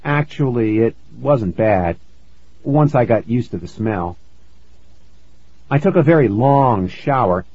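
A man narrating a first-person story in a measured storytelling manner, on a dull, lo-fi recording. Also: medium pitch, a little mellow, slightly rough, no echo. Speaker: audiobook narrator.

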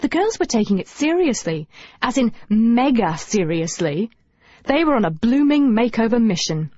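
A woman narrating a first-person novel in a lively, wry, humorous manner. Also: a little high, normal speed, no echo. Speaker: audiobook narrator. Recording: dull dry audiobook recording.

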